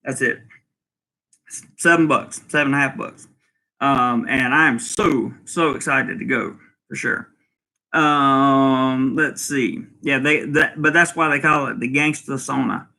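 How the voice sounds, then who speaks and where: Bright-voiced man chatting casually. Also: medium pitch, measured pace, gravelly. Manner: rambling, many fillers, chuckles often. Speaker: vlog host reading viewer comments. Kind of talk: casual live-stream chat.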